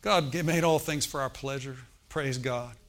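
A middle-aged man preaching a sermon, telling stories and acting out the voices of the people in them, swinging from hushed to loud. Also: medium pitch, normal speed. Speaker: pastor. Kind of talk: sermon storytelling.

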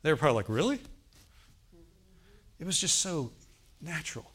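A man's voice: fairly high pitch, expressive, quick pace, fairly bright tone, husky. A man preaching a sermon, telling a personal healing story and often asking the congregation "Amen?". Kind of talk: sermon testimony.

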